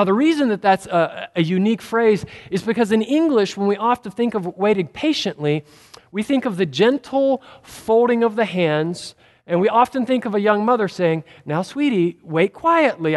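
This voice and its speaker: A man's voice: high-pitched, long reverb tail. A man preaching a sermon in an earnest, conversational storytelling way.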